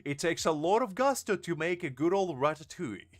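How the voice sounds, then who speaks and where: A man's voice: fairly high pitch, lively intonation, brisk. Joking young man streaming a game. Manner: joking, rambling, answers chat by name. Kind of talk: casual live-stream chat.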